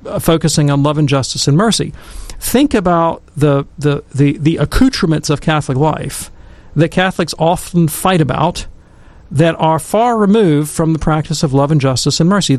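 Middle-aged man, gravelly and fairly high, animated storyteller in a dry room, for a faith talk show. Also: normal speed, hardly any pauses, no room sound. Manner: animated storyteller who acts out quotes. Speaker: Catholic commentator on scripture. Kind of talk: casual storytelling and commentary.

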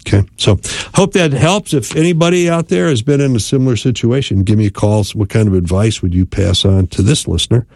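A man hosting a radio advice show as a marriage and family therapist, calmly counseling listeners and often checking in with "right?". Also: medium pitch, brisk, vocal fry, no room sound, clean studio sound. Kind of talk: advice call-in radio talk.

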